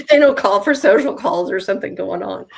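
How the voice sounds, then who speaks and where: A woman, an adoption attorney and author, telling lively anecdotes on a video call and laughing often. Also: mid-range voice, normal speed, creaky, slightly rough. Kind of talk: casual storytelling on a live stream.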